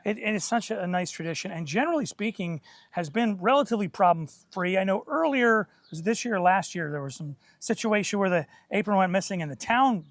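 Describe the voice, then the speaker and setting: A man's voice: sits high, expressive, a little fast, no room sound. A man hosting an interview, chiming in to recap and steer the conversation along with friendly prompts. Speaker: host.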